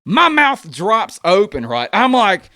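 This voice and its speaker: Animated man telling stand-up stories. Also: slow, no room sound, studio quality. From United States. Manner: animated, acts out voices with big pitch jumps. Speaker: stand-up comedian. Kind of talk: stand-up storytelling.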